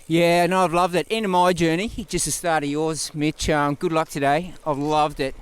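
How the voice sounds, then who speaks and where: A man chatting in a relaxed, cheerful way as a riding companion outdoors. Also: fairly high pitch, normal speed, smooth. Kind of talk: casual chat.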